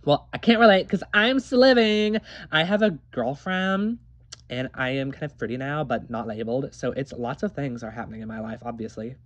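A performer voicing a blunt, snarky young woman who teases her friend crudely and deadpan in an amateur animated drama. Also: medium pitch, moderate pace, no echo, highs cut off, lightly acted.

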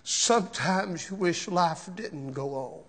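A man preaching a sermon as pastor, slow and emotional, with rising shouted cries and repeated words. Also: sits high, lively intonation. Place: church sanctuary.

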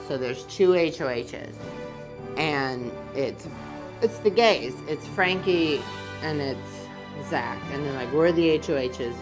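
Drunk woman rambling a profane recap. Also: deep voice. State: drunk and nauseated.

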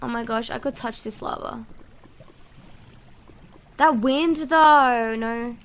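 A woman giving casual let's-play commentary, excitable and chatty, talking to herself and her viewers as she plays. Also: a little high, slow. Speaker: gaming YouTuber.

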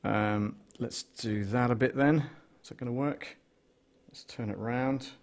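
Setting up gear in a small studio with a mixing desk, a man hosts a casual live stream, rambling and thinking aloud as he counts numbers into a close desktop condenser mic. His gravelly voice is medium in pitch, with fairly even intonation and a measured pace.

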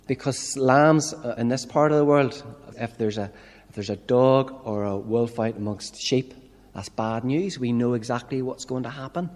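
Northern Irish minister preaching in a reverberant church. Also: male voice, mid-range voice, moderate pace, a little mellow. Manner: conversational preaching with rhetorical questions. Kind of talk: sermon.

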